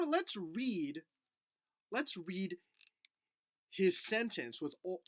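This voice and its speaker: A man teaching a video lesson to first graders in a gentle, patient, coaxing way. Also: high-pitched, no echo. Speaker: elementary school teacher.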